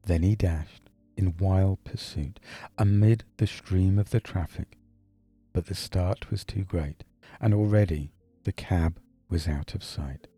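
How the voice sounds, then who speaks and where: A man narrating an audiobook in steady, measured, scripted storytelling. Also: low voice, husky, no room sound, faint music behind.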